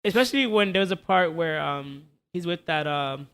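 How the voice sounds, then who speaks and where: A man co-hosting a casual film review chat, rambling and halting with lots of filler words and casual swearing. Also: fairly high pitch, expressive, a bit bright, clear, resonant tone. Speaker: podcast co-host.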